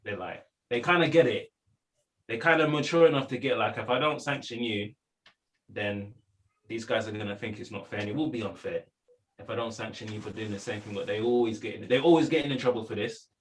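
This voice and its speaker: Lively man, repeating himself. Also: on the low side, a little fast, low-quality recording. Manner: lively, repeats words while telling a story. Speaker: schoolteacher in a Bible study discussion. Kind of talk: casual discussion.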